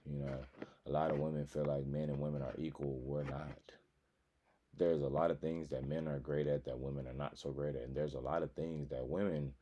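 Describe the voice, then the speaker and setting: A man's voice: very deep voice, flat delivery, fairly quick, warm tone, highs cut off, slight background noise. A man in his thirties giving blunt, profane, opinionated commentary while reacting to clips. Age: 30s.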